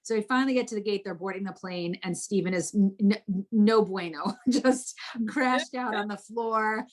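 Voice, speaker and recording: A middle-aged woman from New Jersey, a guest telling her life story in a candid, expressive way, with casual swearing, from her home. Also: medium pitch, normal speed.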